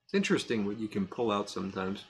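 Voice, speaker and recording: A man's voice: on the low side, animated, quick pace, slight background noise. A man hosting a casual live stream, reading out viewer comments, chuckling often and rambling a little. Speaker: host of a live pipe-smoking stream.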